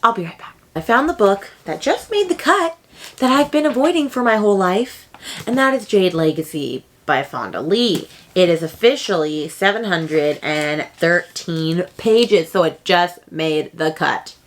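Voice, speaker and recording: A young woman book vlogger chatting casually at home, excitable and quick to jump up high in pitch when she reacts. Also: a little hiss or hum. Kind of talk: casual chat.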